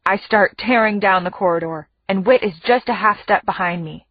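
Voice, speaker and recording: A woman's voice: mid-range voice, moderate pace, no echo, lo-fi sound. Female audiobook narrator, dry and close. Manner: vivid, dramatic storytelling. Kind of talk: first-person audiobook narration.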